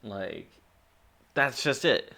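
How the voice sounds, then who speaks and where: A man's voice: mid-range voice, lively intonation, extremely slow, creaky, bright, forceful tone. A man co-hosting a podcast, chatting in an amused, laid-back way. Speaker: podcast co-host. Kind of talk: casual chat.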